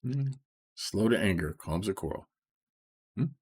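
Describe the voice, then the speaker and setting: A middle-aged man reading scripture and explaining it in an informal, soft-spoken way, often checking in with "okay?" and slowing down on key phrases. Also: lowish voice, animated, husky. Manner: slows right down to stress key phrases. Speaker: Bible study teacher.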